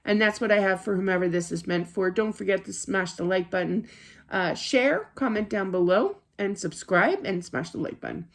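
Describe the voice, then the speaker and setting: A woman's voice: mid-range voice, animated, moderate pace. A woman psychic card reader giving a casual spiritual reading to camera from her home office desk, rambling and chatty, with lots of fillers and restarts.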